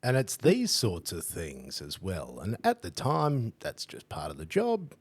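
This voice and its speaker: Deep, husky Australian male podcast host. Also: measured pace, dry recording. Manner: matey, animated, slangy. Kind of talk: casual interview. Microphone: home setup, wired connection.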